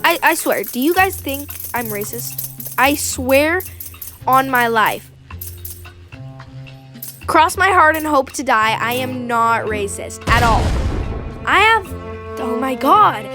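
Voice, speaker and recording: Young woman, casual gameplay chat, self-conscious and sweary, high voice, music playing behind. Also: animated, slow pace, long pauses, sharp tone. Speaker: gaming video creator.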